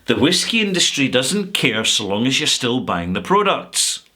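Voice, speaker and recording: A middle-aged Scottish man holds forth in a chatty, sarcastic vlog rant. He draws out his words for emphasis. His tone is bright and forward. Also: medium pitch, sing-song, normal speed. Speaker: whisky vlogger. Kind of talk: casual rant to camera.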